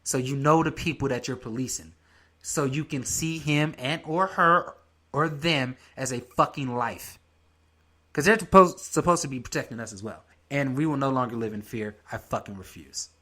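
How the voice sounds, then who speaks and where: A man's voice: medium pitch, moderate pace. A young adult man hosting his own podcast, ranting in a heated, profane, casual way. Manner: heated, profane, lively rant. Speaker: podcast host. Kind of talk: casual solo commentary.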